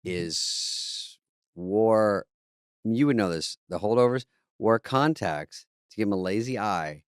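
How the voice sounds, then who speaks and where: A man's voice: on the low side, expressive, takes it slowly, clear, resonant tone, dry recording, studio quality. A man co-hosting a podcast in casual comedic chat, a wry storyteller who swears freely. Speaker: podcast co-host.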